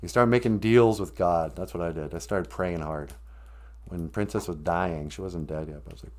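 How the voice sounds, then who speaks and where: Low-pitched and moderately paced, a man rambles candidly through a casual live stream from his home, frequently interrupting himself with asides.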